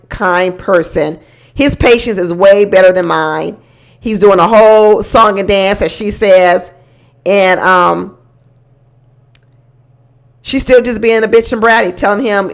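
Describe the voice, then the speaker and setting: A woman's voice: mid-range voice, unhurried, vocal fry. Woman, recap host, casual commentary, opinionated, indignant, laughs often. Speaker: reality show recap host.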